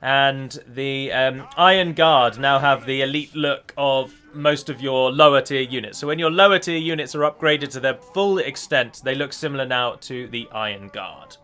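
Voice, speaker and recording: A man's voice: mid-range voice, moderate pace, hardly any pauses, bright, forceful tone, clear, resonant tone. A man giving a chatty gameplay voice-over as a mod developer, often correcting himself as he explains.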